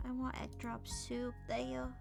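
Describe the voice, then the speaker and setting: A young woman streaming a game, chatting playfully and gushing over cute outfits, sometimes dropping to soft whispers. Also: sits high, completely flat delivery, slow pace, vocal fry. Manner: slips into soft whispers and mutters. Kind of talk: casual gameplay commentary. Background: game music.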